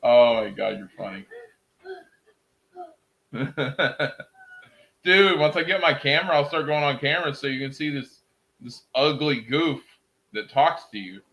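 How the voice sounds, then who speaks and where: A man's voice: mid-range voice, expressive, unhurried, creaky, long pauses, fairly bright tone. A man casually chatting with viewers on a livestream, joking around and laughing often. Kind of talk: casual live chat.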